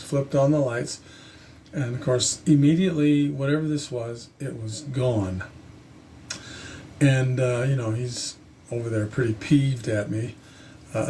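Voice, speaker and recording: A man telling his own story to camera in a casual, halting, earnest way, with frequent restarts. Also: mid-range voice, warm tone, a little hiss or hum. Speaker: channel host telling a personal story.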